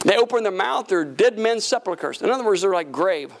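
Male pastor, high voice, energetic folksy preacher working the room with call-and-response. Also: brisk, gravelly. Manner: folksy, humorous asides. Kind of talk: sermon. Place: church service with congregation.

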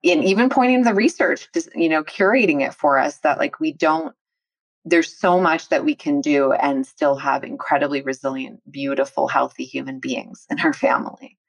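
A woman's voice: sits low, moderate pace, gravelly. A woman podcast host and therapist, talking in an effusive, appreciative way in a conversational interview. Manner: effusive, appreciative, laughs often.

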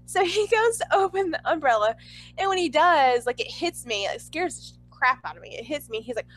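A young woman telling a story in a chatty, excitable way, full of "like.". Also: high voice, a little fast, rough recording. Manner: chatty, excitable, heavy use of "like". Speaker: vlogger. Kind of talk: casual storytelling.

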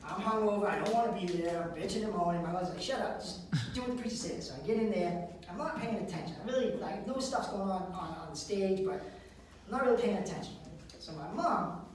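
A man performing a stand-up comedy set, telling stories with an animated delivery and acted voices. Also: high-pitched, quick pace, a little hiss or hum. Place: live comedy venue. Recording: echoey room, distant mic.

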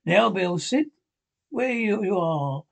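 A man voicing a cruel blind old male beggar, soft-spoken and threatening in a sing-song way. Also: high voice, lively intonation, slow, gravelly, full character voice. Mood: menacing.

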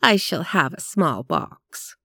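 A woman voicing a prim, quietly disapproving elderly lady in an audiobook reading. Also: on the low side, big pitch swings, slow, slightly rough, no echo, clean studio sound, exaggerated voice. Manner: genteel, precise, quietly disapproving. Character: prim, gently sharp-tongued elderly woman.

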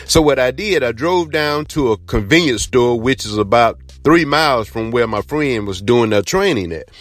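A man's voice: mid-range voice, lively intonation, normal speed. Earnest Georgia man telling a story. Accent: Southern US, Georgia. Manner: earnest, rambling, repeats himself. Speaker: podcast host. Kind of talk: casual spoken storytelling.

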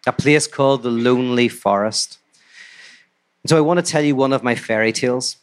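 Male storyteller, live talk, relaxed, chatty, mid-pitched voice. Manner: relaxed, conversational, with asides. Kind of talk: live storytelling of a fairy tale. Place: live talk before an audience.

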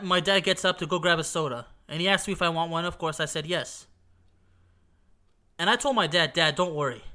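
Excitable high-voiced man, allergy-stuffy. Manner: emphatic, repeats himself, swears, asks "okay?". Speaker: football fan recounting a match. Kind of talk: excited casual storytelling.

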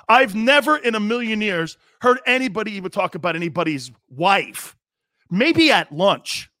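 Brief: middle-aged male sports radio host, high-set voice, blunt and emphatic, dry close mic. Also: sing-song, unhurried, pushed and bright, no echo. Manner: emphatic, blunt, acts out quoted players. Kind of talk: sports talk radio monologue.

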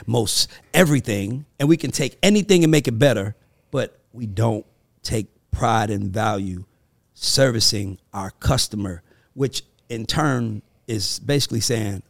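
A man's voice: vocal fry, no echo, clean studio sound. A man with a Southern accent from the American South, co-hosting a podcast in casual, emphatic chat. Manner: emphatic, storytelling, swings between low and high. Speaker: podcast co-host.

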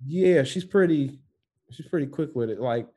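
A man's voice: fairly high pitch, moderate pace. A man telling crude childhood stories in casual chat, acting out the voices of people he quotes. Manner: profane, animated storyteller acting out quotes. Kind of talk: casual podcast chat, storytelling.

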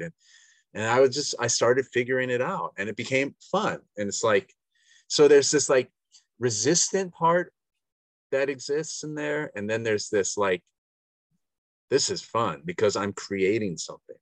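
A man's voice: medium pitch, expressive, measured pace, no room sound. A middle-aged man in a coaching session, talking in a rambling, self-searching way with many restarts. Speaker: coaching client. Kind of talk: casual reflective conversation. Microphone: video call.

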